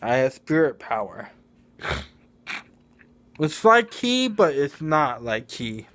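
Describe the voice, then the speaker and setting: A man's voice: medium pitch, sing-song, slow, a bit bright. A man voicing a brash young male street fighter who talks earnestly and insists on his point, repeating himself.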